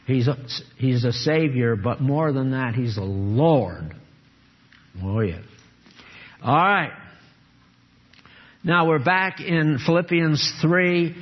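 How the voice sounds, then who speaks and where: Slow-preaching older man, lo-fi. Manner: earnest, emphatic, swings between low grave tones and raised exhortation. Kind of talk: sermon.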